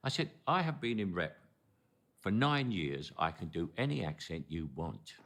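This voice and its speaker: A man's voice: low-pitched, very animated, moderate pace, fairly bright tone. An older man with a Cockney accent, narrating a documentary as he tells anecdotes with small stumbles and repeated words. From London.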